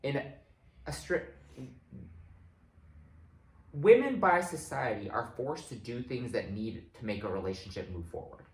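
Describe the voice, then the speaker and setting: A man in casual conversation who is loudly opinionated and likes to curse. His voice is highly animated, leaping up when he acts out what others said. The room around him rings with echo. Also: unhurried, pauses often. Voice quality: animated, swings into loud mock voices when quoting. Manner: opinionated, profane storyteller. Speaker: podcast co-host. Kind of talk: casual chat.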